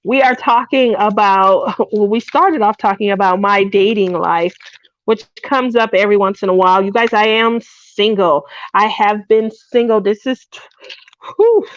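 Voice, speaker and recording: A middle-aged woman hosting a craft livestream, chatting casually and telling animated stories while laughing often. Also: medium pitch, moderate pace, no echo. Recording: dull dry lo-fi stream audio.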